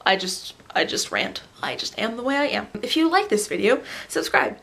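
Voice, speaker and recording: A young woman in her student years rants eagerly to a camera on a tripod, her voice sitting a little high. She rambles and gushes, dropping fillers as she goes, in an easy vlog manner. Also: moderate pace, vocal fry. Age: young adult. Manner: excitable, rambling, lots of "like". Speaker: vlogger. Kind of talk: casual fan rant to camera.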